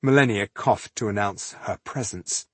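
A man narrating an audiobook in a measured, expressive storytelling style. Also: fairly low pitch, slightly rough, no echo. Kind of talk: scripted narration.

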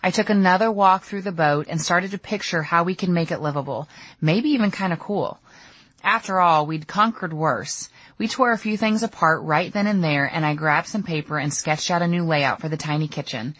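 A woman's voice: fairly low pitch, moderate pace, fairly bright tone, slightly rough, no room sound. A middle-aged woman narrating her own audiobook memoir in a candid, storytelling way. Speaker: author reading her memoir.

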